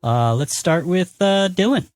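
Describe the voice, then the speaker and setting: A man's voice: high voice, animated, measured pace, no room sound. A man hosting a tabletop game podcast as game master, joking crudely and swearing freely. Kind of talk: casual tabletop podcast chat.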